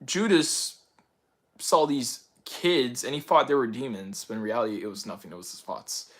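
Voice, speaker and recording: A young man hosting his channel in casual chat, rambling excitedly and filling his talk with "like" and "bro". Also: medium pitch, normal speed. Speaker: channel host answering viewer picks.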